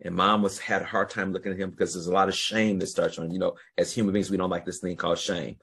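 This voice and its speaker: A man's voice: low voice, level tone, fast talker, creaky, fairly bright tone, slightly rough. A man hosting a podcast, telling a long story in a rambling, casual way, restarting sentences and swearing freely. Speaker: podcast host.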